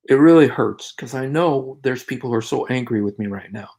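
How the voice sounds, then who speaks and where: A man hosting a casual livestream, talking in a halting, rambling way with many fillers and restarts. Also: mid-range voice, darkish tone. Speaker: livestream host.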